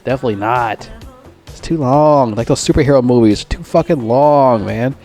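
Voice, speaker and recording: A man's voice: medium pitch, normal speed, a little mellow, faint music behind. A man rambling through a casual film review, swearing constantly and trailing off with fillers.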